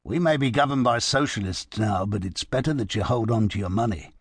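A man's voice: lowish voice, a little fast, slightly rough, no echo, studio quality. A man playing a talkative middle-aged barman with a wry, confiding manner.

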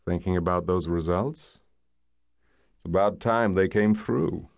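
A man voicing a cynical, playful American art dealer of thirty-nine, with a low, gravelly voice and a breezy, teasing way of talking. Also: a little slow, darkish tone, no echo.

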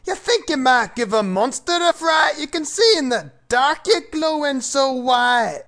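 A man's voice: extremely high pitch, expressive, a little slow, fairly bright tone, full character voice. A man voicing a boisterous storyteller with a put-on Scottish accent, reading a comic rhyming children's story in a hammy, playful way. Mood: storytelling.

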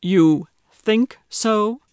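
A woman reading an audiobook, voicing a sardonic, condescending man who speaks deadpan. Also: low voice, takes it slowly, no room sound, clean studio sound. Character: dry, sardonic grumpy man.

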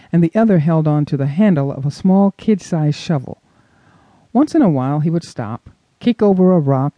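A man narrating a suspense audiobook in an expressive storytelling manner. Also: fairly high pitch, dry recording, highs cut off. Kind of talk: scripted narration.

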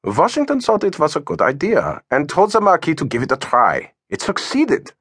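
A man narrating puts on a knowing German-accented officer who lectures in precise, measured sentences. His voice is husky and moves up and down a lot, and it sits in a dry, close recording. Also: fairly high pitch, huge pitch swings, fairly bright tone, no echo, pitched above the performer's own voice, full character voice.

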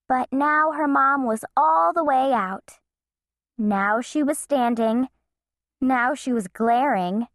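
A woman narrating a children's storybook in an expressive, playful way. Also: high-pitched, takes it slowly, dry recording, clean studio sound. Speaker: audiobook narrator.

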